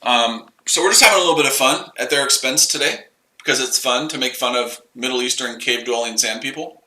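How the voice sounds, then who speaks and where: A man's voice: medium pitch, a little fast, pushed and bright, reverberant, rough recording. A man hosting a casual live trading stream, rambling and repeating himself as he explains his trades. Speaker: trading livestream host.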